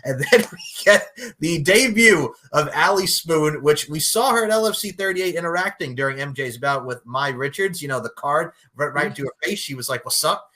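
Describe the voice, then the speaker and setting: A man's voice: sits high, normal speed, sharp tone. A man hosting a podcast, recapping fight bouts in a hyped, jokey way and breaking into song lines. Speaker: podcast host. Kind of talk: play-by-play recap chat.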